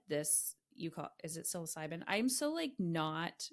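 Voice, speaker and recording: A woman's voice: low-pitched, a little slow. A middle-aged woman hosting a podcast, telling a personal story candidly, with emphatic delivery and frequent swearing. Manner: emphatic, swears freely, animated retellings. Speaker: podcast host.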